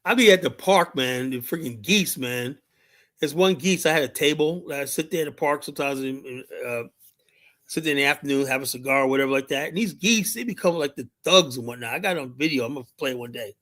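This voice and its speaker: A man hosts a live stream through a streaming mic, his mid-range voice a little fast and fairly bright. He rambles in casual chat, telling stories packed with fillers like "and whatnot."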